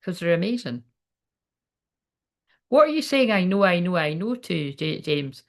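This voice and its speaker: A woman's voice: lowish voice, big pitch swings, measured pace. A woman giving a casual livestreamed card reading, chatty and rambling, swearing freely. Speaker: tarot card reader.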